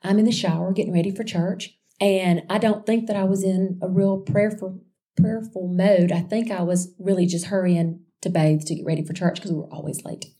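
A woman sharing a personal faith testimony in a chatty, animated storytelling way, calling her listeners y'all. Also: fairly low pitch, normal speed. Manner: chatty and animated, addressing listeners as y'all, with frequent restarts and asides.

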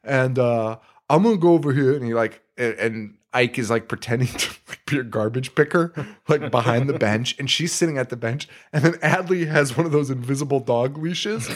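Excitable man retelling a film, swearing. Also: mid-range voice, normal speed, few pauses. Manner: excitable retelling, swearing, putting on silly voices. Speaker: podcast co-host. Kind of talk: casual film-review chat.

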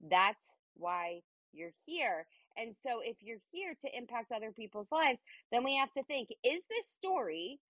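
A woman's voice: mid-range voice, dry recording, dull audio. A woman speaking to an audience at a business event, emphatic, repeating phrases and checking in with "okay?". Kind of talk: motivational talk to an audience.

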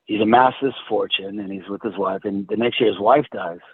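A man telling a personal story in casual chat, halting and restarting often. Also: fairly low pitch. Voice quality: husky, halting with many restarts. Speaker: guest. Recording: tinny phone-like sound.

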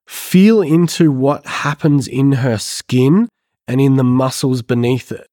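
Male counsellor, mid-pitched, earnest and excitable, dry close sound. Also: no room sound. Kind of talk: podcast discussion.

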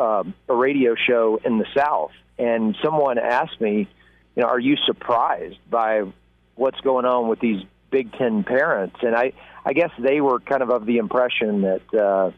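A man's voice: mid-range voice, no room sound. A man calling in as a guest sports analyst, talking conversationally with many fillers. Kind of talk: radio interview by phone. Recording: tinny phone line.

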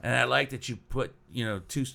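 A man's voice: medium pitch, a little fast, creaky, crowd noise. A man hosting a podcast in boisterous, teasing casual chat with several other voices around. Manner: boisterous, teasing, laughs a lot. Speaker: podcast host.

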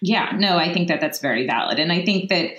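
A woman with a low, deep voice talks through parenting ideas as a psychologist. She thinks aloud as she goes, often ending a point with a quick "right?". Her voice rings around an echoey room. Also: lively intonation, a bit bright. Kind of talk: casual podcast discussion.

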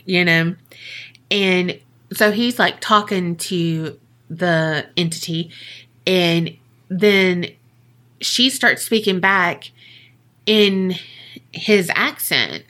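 Bright, unhurried woman telling a ghost story. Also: mid-range voice, expressive. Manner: profane, jokey retelling with quick asides. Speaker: podcast co-host. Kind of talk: casual storytelling chat.

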